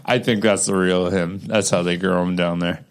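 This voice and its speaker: A man's voice: low voice, steady tone, moderate pace, clear, resonant tone. A man co-hosting a podcast, bantering and joking in casual chat and swearing freely. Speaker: podcast co-host.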